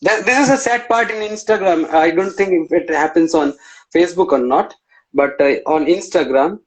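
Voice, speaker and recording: High-voiced man hosting a casual live stream. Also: normal speed, low-quality recording. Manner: chatty, informal, with fillers and restarts. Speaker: interview host. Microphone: live video call.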